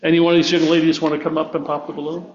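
A man's voice: on the high side, level tone, racing. A man teaching a church group a memory verse, encouraging and coaxing them to recite it together. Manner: encouraging, repeats and coaxes listeners to join in. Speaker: church teacher leading children. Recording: dull lo-fi recording.

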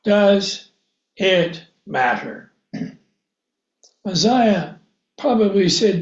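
A man preaching a sermon, reading scripture aloud and acting out biblical characters in a slow, deliberate way. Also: sits high, big pitch swings. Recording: echoey room, dull lo-fi sound.

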